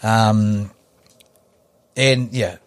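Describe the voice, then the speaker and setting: A man's voice: on the low side, fairly even intonation, very slow. A New Zealand man in his forties, a podcast guest telling a story in a laid-back, rambling way with lots of fillers. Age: 40s. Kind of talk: casual storytelling chat.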